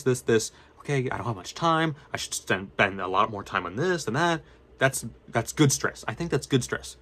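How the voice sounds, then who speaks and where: A man's voice: mid-range voice, a bit bright, slightly rough. A young man, a student vlogger, talks casually and unscripted, rambling and correcting himself as he goes. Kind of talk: casual unscripted talk to camera.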